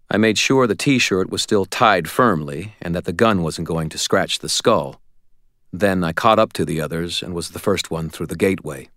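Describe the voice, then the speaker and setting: Deep-voiced man narrating an audiobook. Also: fairly bright tone, no room sound, studio quality. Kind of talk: first-person audiobook narration.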